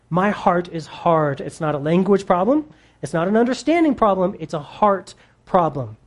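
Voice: mid-range voice, darkish tone. A preacher giving a sermon in a conversational way, asking the listeners questions and adding wry humorous asides.

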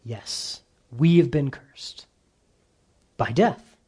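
A pastor delivering a sermon at an unhurried pace. He speaks earnestly and with emphasis, rising in pitch on points he wants to land and stretching out key phrases. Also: husky. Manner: earnest, emphatic, with lively rises and drawn-out slow phrases.

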